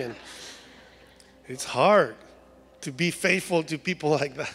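A man's voice: a little high, measured pace, long pauses, fairly bright tone, big-room sound, slight background noise. A man from Mexico with a Mexican Spanish accent, preaching a humorous sermon in a church. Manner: humorous, acts out voices of complaining people. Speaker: guest preacher. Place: church sanctuary.

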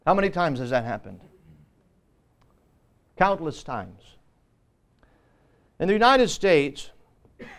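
High, clear-voiced male pastor. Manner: earnest, emphatic, with frequent fillers. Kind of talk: Sunday school teaching. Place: church.

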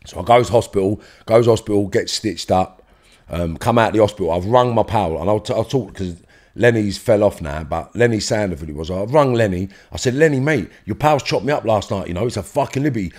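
A man's voice: lowish voice, a little fast, a little mellow. A man with a London accent tells a story in a podcast interview. His manner is blunt, his speech is full of swearing, and his voice leaps up whenever he acts out heated arguments. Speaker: interview guest.

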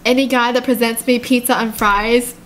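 A woman's voice: a little high, steady tone, moderate pace, a bit bright. A woman YouTuber reacting in casual chat to a story told in texts, giggly and chatty. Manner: giggly and chatty, often laughing at herself.

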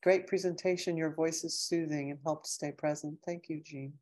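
Her voice low and darkish, steady in tone and paced normally, a middle-aged lecturer wraps up an online lecture on a video call. She reads the chat comments out loud and answers them with warmth and heartfelt emotion.

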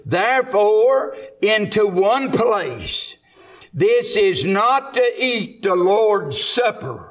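A man's voice: high-pitched, very animated, very slow. A man with a Southern US accent preaching a sermon in a church, fervent and full of "uh" fillers. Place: church sanctuary.

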